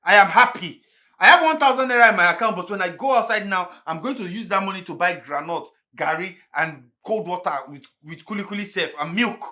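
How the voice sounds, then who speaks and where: A man's voice: sits high, fairly quick, hardly any pauses. An actor with a Nigerian accent playing a proud young driver who lectures his boss bluntly. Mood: boastful. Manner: lecturing, scolding loudly. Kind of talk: Nollywood film acting.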